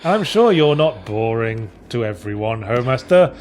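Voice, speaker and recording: A man's voice: medium pitch, sing-song, measured pace, darkish tone, a little hiss or hum. Dry sarcastic man chatting. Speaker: co-host of a let's play podcast. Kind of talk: casual chat over gameplay.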